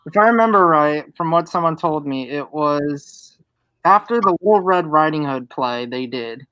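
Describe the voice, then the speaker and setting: A young man chatting as a guest on a live stream, telling a story at an unhurried pace with many fillers. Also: fairly high pitch, expressive, bright, forceful tone, dry recording, rough recording. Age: young adult. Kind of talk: casual live-stream chat.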